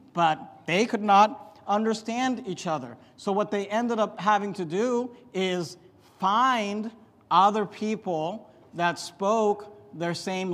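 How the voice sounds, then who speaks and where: A man teaching a Bible story lesson, telling it lively and acting out voices, with frequent restarts. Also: sits high. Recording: echoey hall reverb.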